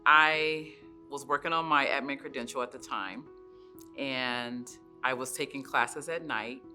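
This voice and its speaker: A woman's voice: a bass voice, a little slow, pushed and bright, faint music behind. A woman sharing a personal faith testimony in a conversational storytelling way, often saying "like" and "you know". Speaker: church member sharing her testimony.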